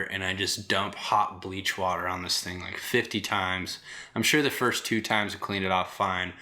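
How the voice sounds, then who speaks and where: Profane, lively male storyteller. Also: deep voice. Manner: profane, rambling and animated. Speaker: podcast host. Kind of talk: casual storytelling.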